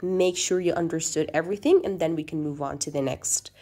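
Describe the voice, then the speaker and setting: A woman's voice: deep voice, a little fast, mellow. A woman teaching a recorded grammar lesson, explaining patiently and often checking in with the class. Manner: reads quoted sentences in a lifted, acted-out voice.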